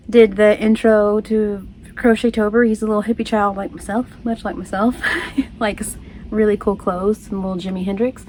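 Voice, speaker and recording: A woman talks straight to her camera in a loose, rambling vlog chat. She laughs often, loses her train of thought and keeps going in an easy, friendly flow. Her pitch sits in the middle of the usual range for a woman. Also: darkish tone, slight background noise. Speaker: crochet vlogger. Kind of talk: casual chat.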